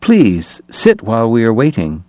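A man reading a courteous, measured priest. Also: medium pitch, huge pitch swings, warm tone, no room sound, clean studio sound. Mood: polite. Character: polite, diplomatic middle-aged priest.

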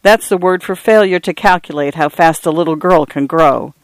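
A tender, playful middle-aged father in a storybook, voiced by the man narrating. He teases gently and wryly. The voice is a touch high and recorded dry and close. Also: moderate pace, no room sound, close to an everyday voice. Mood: teasing.

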